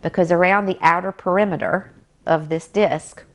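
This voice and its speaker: A woman's voice: lowish voice, fairly even intonation, normal speed. An American woman telling a personal story in an interview, vividly quoting what each person said. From United States. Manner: recounts dialogue vividly, quoting both sides. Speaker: interview guest. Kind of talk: storytelling anecdote.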